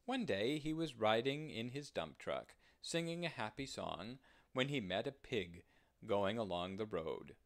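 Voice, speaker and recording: A man reading a children's picture book aloud slowly and gently, with expressive phrasing. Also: lowish voice. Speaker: storyteller. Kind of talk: children's storybook read-aloud.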